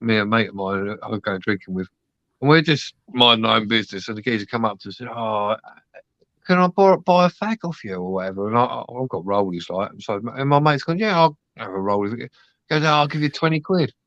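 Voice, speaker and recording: Low-ish in pitch, fast and a bit bright with no echo, this man hosts a relaxed live stream chat. He swears freely, tells stories and mimics the people he quotes, recorded in dull, dry lo-fi sound.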